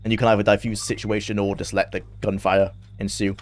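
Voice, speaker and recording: A young man chatting loosely as he streams a game, rambling and quick to laugh. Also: lowish voice, flat delivery, slight background noise. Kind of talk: casual live-stream gameplay commentary.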